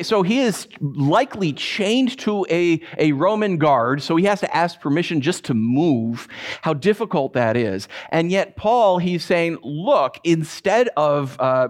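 A man preaching to his church as its pastor, with a slightly high voice. He tells personal stories in a lively way, often rising in pitch as he acts out his own frustration. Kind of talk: sermon.

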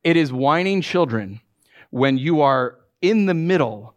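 Animated, lively preaching man. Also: a little slow. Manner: animated, acts out quotes in high voices, jokes with congregation. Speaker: pastor. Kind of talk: sermon.

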